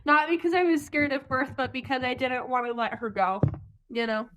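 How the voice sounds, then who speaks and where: A woman's voice: high voice, steady tone, moderate pace, fairly bright tone. A young woman telling her own story as an interview guest. She talks earnestly, uses many "like" fillers, and acts out what others said. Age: young adult. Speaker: interview guest, birth mother.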